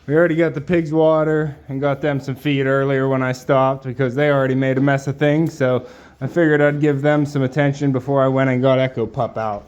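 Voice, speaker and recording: A man's voice: mid-range voice, little pitch movement, brisk, darkish tone, smooth, no echo. A man doing a casual homestead vlog outdoors at his barn, chatting as he works and talking to his animals. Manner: chatty, talks to his animals while working. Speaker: homestead vlogger. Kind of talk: casual chores narration to camera. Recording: dull lo-fi outdoor sound, faint ambience.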